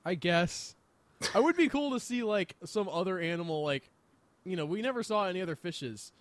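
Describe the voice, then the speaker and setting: A man's voice: sits high, animated, normal speed, no room sound. A man co-hosting a podcast in casual chat, enthusiastic and rambling with lots of fillers. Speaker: podcast co-host.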